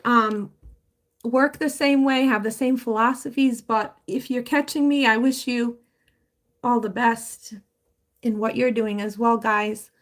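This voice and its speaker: A woman's voice: a little high, steady tone, measured pace. Emotional woman rambling on a live stream. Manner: rambling, heartfelt, full of fillers and restarts. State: emotional, voice wavering. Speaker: livestreamer promoting a home business. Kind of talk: casual live-stream talk.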